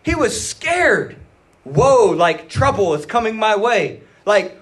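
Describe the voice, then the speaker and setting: A man preaching a sermon in an animated, dramatic way, acting out the quoted words. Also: high voice, slow pace. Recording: roomy, voice from a distance.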